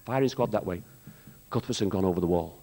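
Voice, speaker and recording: A man telling rambling stand-up jokes on a theatre stage, pausing with ums and jumping into shouted character voices. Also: slightly rough. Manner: rambling, hesitant, full of ums between jokes; jumps into high shouted character voices for punchlines. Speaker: stand-up comic at a charity show.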